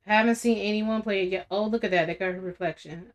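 A woman's voice: mid-range voice, fast, hardly any pauses. A woman streamer giving casual, chatty commentary while playing a video game. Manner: chatty, talks to viewers. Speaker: gaming streamer.

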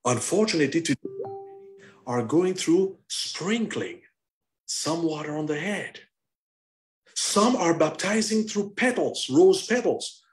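A man, a pastor, preaching an animated sermon with call-and-response over a video call. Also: fairly high pitch, slow, long pauses.

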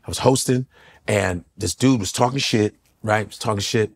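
A man's voice: on the low side, normal speed, creaky, slightly rough. A middle-aged male comedian telling a profane, punchy story, acting out the people in it as he goes. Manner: acts out the people in his stories, profane and punchy. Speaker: comedian guest. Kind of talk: animated storytelling.

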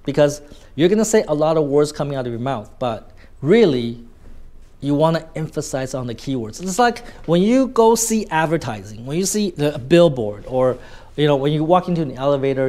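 A man's voice: fairly high pitch, warm tone. A man with a Vietnamese accent teaching a spoken lesson on tone of voice, stretching out key words for emphasis and tagging many sentences with "right?". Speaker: communication coach.

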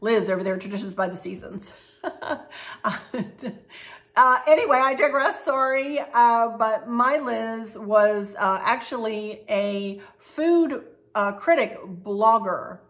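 A woman's voice: fairly high pitch, animated, slow, a bit bright. A woman in her fifties hosting a craft and decor channel, answering viewer questions in a folksy, rambling way and laughing often. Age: 50s. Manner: chatty and rambling, laughs often, restarts and digresses; folksy and affectionate. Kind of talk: casual Q&A chat to viewers.

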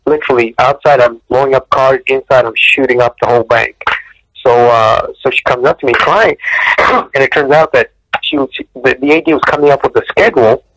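A man telling stories from his film career in a casual interview, animated, often repeating words and clearing his throat. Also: a little fast, dry recording, rough recording. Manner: animated storyteller, acts out quotes with sudden high bursts. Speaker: martial arts director and choreographer, guest.

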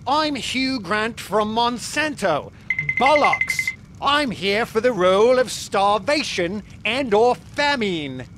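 A man's voice: high voice, lively intonation, slow, background noise. A man playing a smug male agribusiness executive in a comedy sketch, putting on a hammy fake upper-class British accent full of slang. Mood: pompous.

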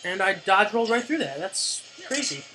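A woman giving gameplay commentary as a let's play host, getting excitable, cursing and yelling at the game. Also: medium pitch, moderate pace, low-quality recording. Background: game music.

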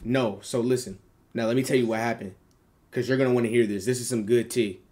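A man's voice: mid-range voice, steady tone, a little fast, a little mellow. A man streaming on a video chat app, chatting in a joking, slangy, profane way. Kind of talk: casual chat.

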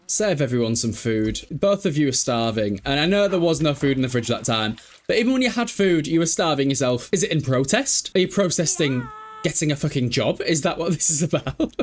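Chatty, exasperated man narrating gameplay. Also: fairly high pitch. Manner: chatty, exasperated, swears and laughs at his sims. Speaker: gameplay commentator. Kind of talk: casual gameplay commentary.

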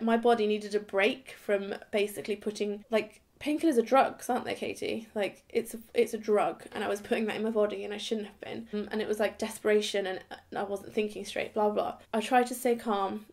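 A young English woman vlogging, chatting to a camera a few steps away, animated and acting out the voices in her story. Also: medium pitch.

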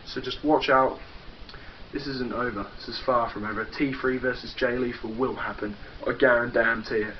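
A young man with an English accent taunts a rival in a swaggering, foul-mouthed wrestling promo. The recording is dull and lo-fi, with faint background noise, like an old home video. His voice sits at an ordinary middle pitch. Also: fairly even intonation, normal speed. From England. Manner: boastful, taunting, profane. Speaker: backyard wrestler cutting a promo. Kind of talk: trash-talking wrestling promo.

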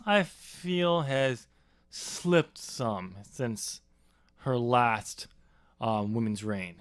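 A man's voice: mid-range voice, extremely slow, clean tone, no echo. Easygoing man, dry close voice. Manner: relaxed, explains at length, laughs easily. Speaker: podcast co-host. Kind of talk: casual chat.

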